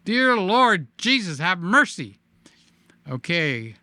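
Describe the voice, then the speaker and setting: A man's voice: sits high, sing-song, sharp tone, dry recording. A man hosting a casual live-stream, reading viewer comments aloud and teasing them in a playful, sing-song way. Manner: sing-song, drawn-out emphasis.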